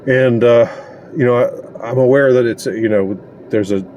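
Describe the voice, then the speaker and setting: A man giving a casual opinion monologue, indignant and sarcastic, pausing often as he talks. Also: mid-range voice, fairly even intonation, darkish tone, lo-fi sound, a little hiss or hum. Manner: indignant and sarcastic, halting with many pauses. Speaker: commentator.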